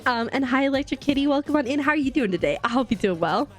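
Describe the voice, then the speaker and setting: Bubbly woman streamer laughing a lot while she plays, soft game music in the back. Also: sits high, expressive, fast. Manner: bubbly, giggly, greets chat viewers warmly. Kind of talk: casual live-stream chat.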